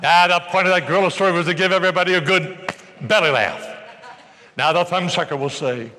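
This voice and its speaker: An older man giving an energetic, joking motivational seminar talk to a live audience in a large hall, bursting into shouts as he tells stories. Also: sits high, brisk. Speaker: motivational speaker.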